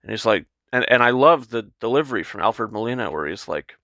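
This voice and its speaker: A man's voice: on the low side, a little fast, bright, forceful tone, dry recording, studio quality. A man giving a casual, enthusiastic spoken film review, rambling with lots of fillers and restarts. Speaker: movie reviewer.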